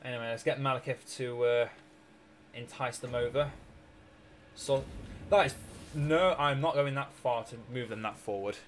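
A man's voice: medium pitch, moderate pace, long pauses, a little hiss or hum. A young Scottish man with a sore throat, chatting casually and joking while streaming a strategy game. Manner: rambling, chatty, jokey, laughs often. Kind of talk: casual live-stream chat.

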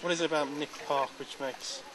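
A male reporter introducing a story and then asking an actor brisk, plain interview questions outdoors. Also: on the high side, fairly even intonation, a crowd in the background, low-quality recording.

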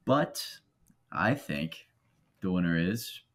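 A man's voice: low voice, expressive, takes it slowly, fairly bright tone. A man co-hosting a comedy podcast in loose, joking casual chat, often acting out quotes in exaggerated voices. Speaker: podcast co-host.

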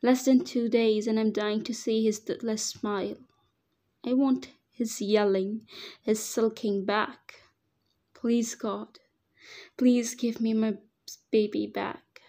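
Slow, mellow woman reading a story. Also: on the high side, flat delivery. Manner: emotional first-person storytelling. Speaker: story reader. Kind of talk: dramatic reading of fan fiction.

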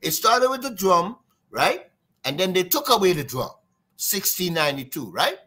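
Trinidadian drummer, male, bright lively delivery, wide pitch swings, sing-song storyteller. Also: moderate pace. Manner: lively, sing-song, imitates drum sounds. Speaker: guest drummer. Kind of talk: animated storytelling interview.

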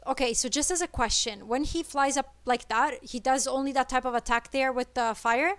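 Woman, fairly high voice, smooth and clear, nervous excited gameplay chatter. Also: moderate pace, dry recording. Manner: excitable, nervous, switches between English and Italian. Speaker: streamer playing co-op game.

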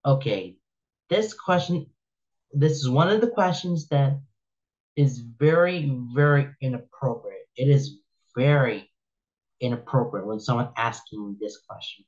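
A man hosting a casual reaction commentary, reading posts aloud and weighing in with blunt opinions. He rambles, repeats words and restarts his sentences at a middling pitch. The recording sounds dull and lo-fi. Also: animated, a little slow, darkish tone. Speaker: reaction video host.

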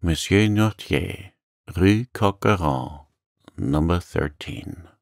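A man voicing a stern, proud magistrate in a calm audiobook reading, curt and commanding. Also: deep voice, a little slow, vocal fry, no room sound, studio quality, heavily acted. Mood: stern, uneasy.

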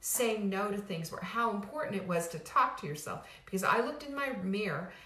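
A woman's voice: medium pitch, animated, fairly quick, sharp tone. A middle-aged woman hosting a weight-loss program, giving an emphatic motivational talk with many restarts and repeated phrases. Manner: emphatic, repetitive, casual with frequent restarts. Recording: roomy echo.

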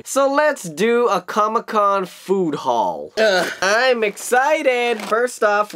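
A man's voice: high voice, a bit bright. A man talking casually to his camera as a vlogger, chatty and rambling, often laughing as he goes. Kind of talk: casual vlog talk to camera.

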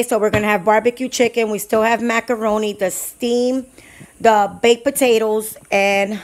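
A woman talking casually through her cooking on a home vlog, chatty and rambling with many fillers. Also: mid-range voice. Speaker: couponing vlogger.

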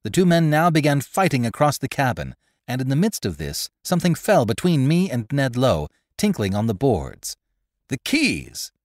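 A man narrating a classic adventure story in a scripted, expressive reading. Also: mid-range voice, moderate pace, no room sound, clean studio sound. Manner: expressive, lively reading with character voices. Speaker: narrator and host.

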